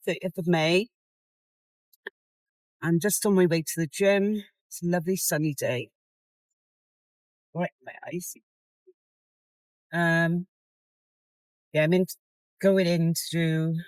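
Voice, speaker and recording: A woman's voice: low voice, dry recording, rough recording. A middle-aged woman, talking candidly in a casual vlog while she goes about her day. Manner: rambling and candid, soft and tired at times. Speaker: competitor vlogging her contest prep. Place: in a car.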